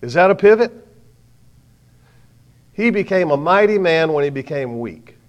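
A middle-aged man preaching a sermon to a live audience, telling stories with self-mocking humor and swinging from quiet asides to loud bursts. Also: fairly high pitch, expressive, a little slow, lo-fi sound.

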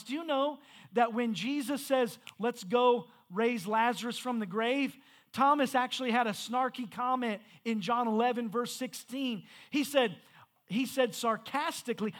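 Male pastor, strikingly high pitch; conversational sermon delivery that builds to emphatic peaks. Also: fairly bright tone. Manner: conversational, then rising to emphatic preaching with stumbles.

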